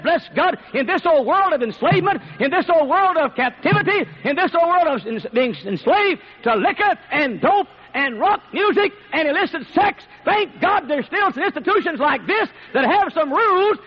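High husky preacher guy, emphatic and repetitive, shouts here and there, muffled old recording. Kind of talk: sermon. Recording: dull lo-fi recording.

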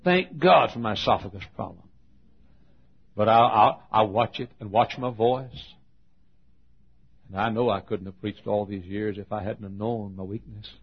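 Gravelly older preacher telling stories. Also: male voice, lowish voice, normal speed, long pauses. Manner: loud, animated storytelling preacher. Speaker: pastor. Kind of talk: sermon. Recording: dull lo-fi sermon recording.

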